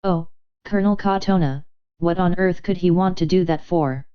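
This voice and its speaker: Woman doing a flustered young lady gushing breathlessly, lowish smooth voice. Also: moderate pace, muffled recording, natural voice. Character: young American woman feigning silly, flustered helplessness.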